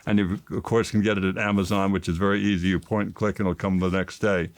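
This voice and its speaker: A man's voice: fast, no echo. Emotional older man telling acting stories. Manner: emotional, rises in pitch when excited. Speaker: actor and author, interview guest. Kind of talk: animated storytelling interview.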